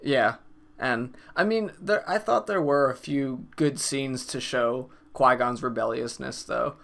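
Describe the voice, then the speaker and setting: A man's voice: medium pitch, measured pace, creaky, fairly bright tone. A man in his twenties, co-hosting a casual movie review, talking in a laid-back way. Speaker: co-host of a movie review show.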